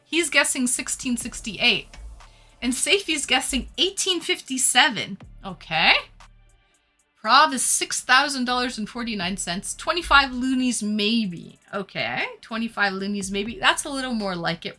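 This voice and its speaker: Canadian woman streamer with a bright tone, chatty and slow-paced, reading viewer chat with faint music underneath. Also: a little high, lively intonation. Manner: chatty, reads out viewer comments and thanks them. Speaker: live stream host. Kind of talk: casual live chat with viewers.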